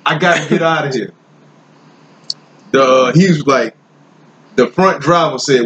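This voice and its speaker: A man telling a story in a casual, slangy, animated way, laughing as he goes. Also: a little high, measured pace, long pauses, a little hiss or hum, low-quality recording.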